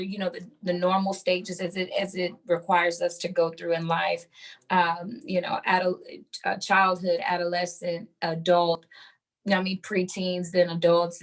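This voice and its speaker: A woman author talking about her life in an interview, animated, with many fillers and easy laughter. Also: lowish voice. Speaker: guest author. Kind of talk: conversational interview.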